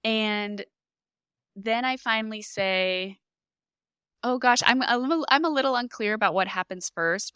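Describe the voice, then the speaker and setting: Woman, young adult, podcast guest; crisp, bright tone; emotional, lively storyteller, dry close sound. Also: medium pitch, no echo. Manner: animated, emotional retelling with lively reenacted quotes. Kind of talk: personal storytelling in a podcast interview.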